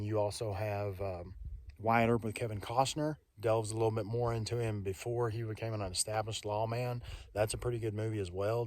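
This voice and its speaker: Guy vlogging on a canyon trail, middle aged, kinda low voice, chatty and rambling. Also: darkish tone, dry recording. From Texas. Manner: friendly, rambling, folksy. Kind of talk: casual vlog to camera. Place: outdoors on a canyon hiking trail.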